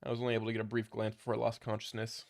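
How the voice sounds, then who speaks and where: Low-voiced man reading a story. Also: completely flat delivery, racing, vocal fry. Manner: reads with small stumbles and restarts. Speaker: story narrator. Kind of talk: casual reading of a fan story.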